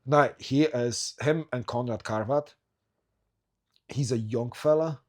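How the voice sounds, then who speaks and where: A man's voice: mid-range voice, slow. A man hosting a podcast, chatting casually and chiming in with short quips and questions. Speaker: podcast host. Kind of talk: casual chat.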